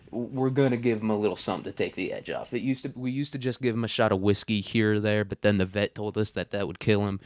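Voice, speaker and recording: Young guy ranting at home, swears a ton, laughs a lot, lowish voice, clean and dry sound. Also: darkish tone, smooth, no room sound. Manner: profane, rambling, laughs often. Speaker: podcast host. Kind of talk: casual ranting monologue.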